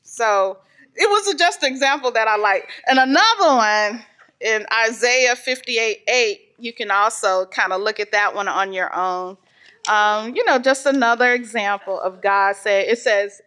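A woman's voice: on the high side, expressive, measured pace, sharp tone. A woman teaching an informal church Bible lesson, reading scripture and explaining it earnestly, with frequent "um" fillers. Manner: reads scripture aloud, then explains it.

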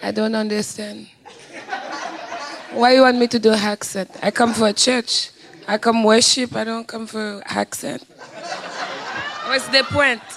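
A woman's voice: a little high, fairly even intonation, measured pace, long pauses, a bit bright, a faint crowd. A woman congregant, laughing and protesting.

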